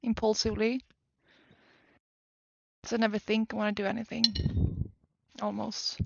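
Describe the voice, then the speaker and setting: A young woman from Sweden with a Swedish accent, chatting casually to her live-stream viewers from her desk at home, self-deprecating and quick to exclaim. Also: mid-range voice, completely flat delivery, vocal fry, fairly bright tone, dull audio.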